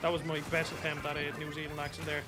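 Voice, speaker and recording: A man's voice: fairly high pitch, fast talker, loud music behind the voice. A young Irish man streaming a game, chatting casually, swearing freely and bursting out at the action. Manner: chatty, swears freely, excited outbursts during play. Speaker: gaming streamer. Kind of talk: casual gameplay chat.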